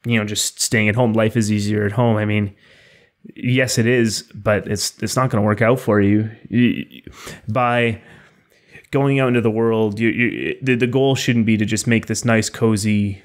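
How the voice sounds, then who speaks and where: Flat-voiced man musing on a podcast. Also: lowish voice, moderate pace. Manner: thoughtful, reflective. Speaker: podcast co-host. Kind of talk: casual discussion of a poem.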